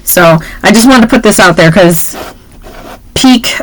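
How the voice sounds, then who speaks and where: A woman's voice: mid-range voice, a little slow, low-quality recording. A woman co-host in casual chat, rambling and laughing often.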